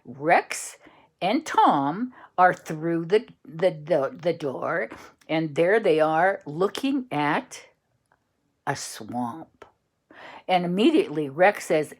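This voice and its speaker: A woman telling an improvised bedtime story, slow and searching for words as she goes. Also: deep voice, animated.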